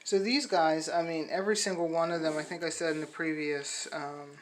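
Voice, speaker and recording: A woman's voice: steady tone, a little fast, slight background noise, low-quality recording. A middle-aged woman, a dog breeder, chatting casually to puppy buyers on a phone video, rambling with many fillers and restarts. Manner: high sing-song baby talk to the puppies.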